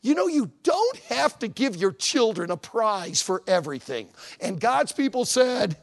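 A man preaching a sermon as pastor, folksy and animated, with frequent conversational asides. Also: high voice, measured pace, vocal fry, few pauses.

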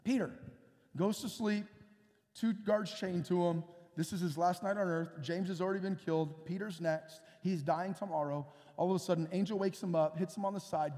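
A man's voice: high voice, steady tone, normal speed, mellow. A man preaching a sermon, retelling scripture with dramatic storytelling and acted-out scenes in a church. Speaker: pastor. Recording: long church-hall reverb.

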